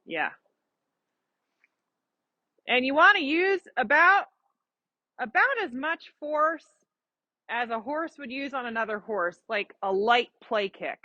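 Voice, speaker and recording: Woman riding coach, bright and somewhat high voice, patient explainer, dry dull-sounding recording. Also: animated, slow pace, pauses often, no room sound. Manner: encouraging, explains patiently with examples. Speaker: riding instructor. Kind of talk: live coaching during a riding lesson.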